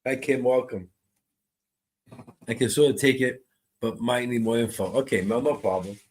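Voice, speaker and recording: A man working as a psychic medium, giving a live online reading, describing impressions slowly and answering viewers' comments. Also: mid-range voice, darkish tone.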